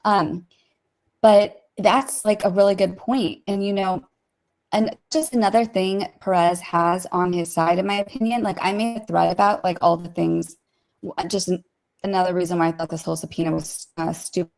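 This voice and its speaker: A woman's voice: fairly low pitch, steady tone, vocal fry, darkish tone. Opinionated woman talking with lots of "like". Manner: opinionated, heavy use of "like", rapid asides. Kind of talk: casual commentary chat.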